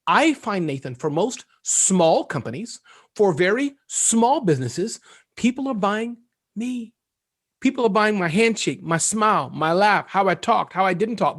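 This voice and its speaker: High-voiced fast-talking man. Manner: fast, animated, joking. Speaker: guest entrepreneur. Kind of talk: casual interview talk.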